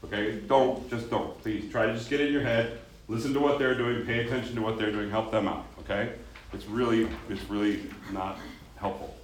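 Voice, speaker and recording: A man from Colorado leading a choir rehearsal, chatting quickly between run-throughs and giving instructions to the singers. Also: lowish voice, fairly even intonation, a little hiss or hum. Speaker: choir director. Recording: echoey room with choir music.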